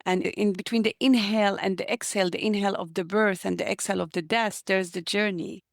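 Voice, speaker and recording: A woman's voice: mid-range voice, steady tone, a little fast, creaky, no room sound, studio quality. A woman guest, an author, telling personal stories in an earnest, heartfelt way during an interview. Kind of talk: reflective interview conversation.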